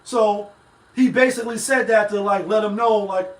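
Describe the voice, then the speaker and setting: A man's voice: high voice, fairly even intonation, normal speed. A man hosting a live-stream talk show, rambling in casual, profane commentary straight to his viewers. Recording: echoey room, mic at a distance.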